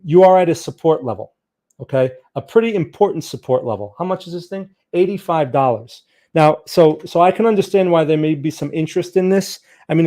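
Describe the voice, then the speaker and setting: A man's voice: a little high, warm tone. A man hosting a live trading stream, answering viewer questions casually and thinking aloud with frequent repeated words. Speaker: trading livestream host. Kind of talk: live Q&A on market charts.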